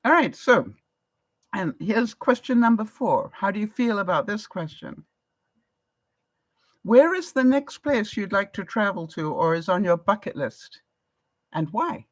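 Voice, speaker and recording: A woman's voice: mid-range voice, very animated, a little slow, pauses often, no room sound. Chatty English woman, dry close sound. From England. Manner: chatty, laughs often, reads viewer comments aloud. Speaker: vlogger. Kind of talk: casual live-stream chat.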